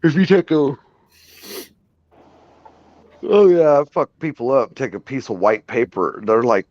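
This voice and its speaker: A man's voice: on the low side, expressive, measured pace, pauses often, a little mellow, no echo. A man hosting a casual podcast, talking about cars in a rambling way and laughing often. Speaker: podcast host. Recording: dull lo-fi recording.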